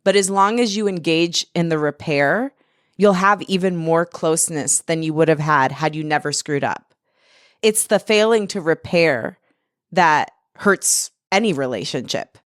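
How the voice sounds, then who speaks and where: A woman hosting a podcast interview, affirming her guest warmly and laughing readily. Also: deep voice, measured pace, no room sound, clean studio sound. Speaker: podcast host. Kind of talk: interview conversation.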